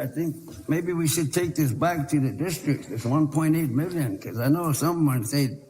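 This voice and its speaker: A man's voice: medium pitch, dark tone, a little hiss or hum. Pleading man in an echoey council chamber. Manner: earnest, pleading, repeats himself. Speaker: tribal council representative. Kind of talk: council meeting debate.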